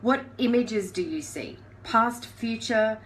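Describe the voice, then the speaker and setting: A woman's voice: on the high side, takes it slowly, a little hiss or hum, poor audio. Chatty woman coaching live. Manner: chatty, conversational, asks the listener questions. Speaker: life coach. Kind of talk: casual live coaching talk.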